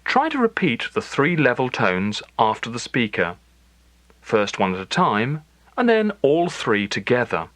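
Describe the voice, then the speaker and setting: A man teaches a recorded language lesson, his voice animated in pitch and recorded dry and close. He explains each step clearly and at a measured pace. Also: dry recording. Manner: clear, measured instructional delivery. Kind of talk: scripted lesson narration.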